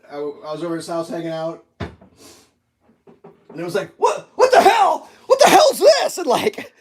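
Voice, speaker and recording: Man, high voice, rambling, animated storyteller, cooking breakfast, faint clicks behind. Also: a little hiss or hum. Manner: rambling, animated, laughs at his own stories. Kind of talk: casual storytelling while cooking.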